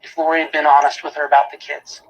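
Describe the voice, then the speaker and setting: A man's voice: fairly high pitch, flat delivery, fast, dull audio, slight background noise. A man giving a prosecutor's closing argument in a courtroom, emphatic, repeating key phrases and asking rhetorical questions.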